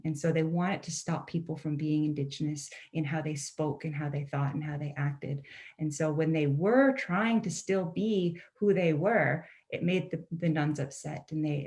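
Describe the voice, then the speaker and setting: A young adult Mi'kmaq woman from Canada, a poet and author, gives an earnest, conversational online presentation over a video call. Her voice is low and a little mellow, and she often says "you know" and asks "right?"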